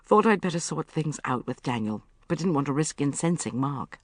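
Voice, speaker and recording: A woman narrating a comic first-person novel as an audiobook, wry and expressive. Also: low voice, moderate pace, no echo, studio quality.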